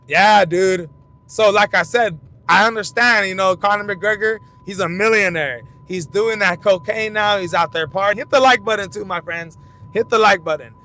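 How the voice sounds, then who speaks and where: A young man hosting a fight commentary channel, telling loose, profane stories in rambling casual talk while he drives. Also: bright, forceful tone. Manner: rambling storytelling, loose and profane, frequent restarts. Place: in a car while driving. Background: vehicle rumble.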